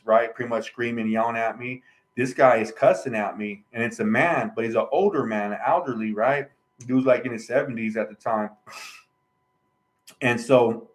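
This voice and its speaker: A man with a mid-range voice, captured on a rough recording, recounts his personal story for a casual vlog. Earnest and aggrieved, he rambles and keeps tacking on "right?" and "you know".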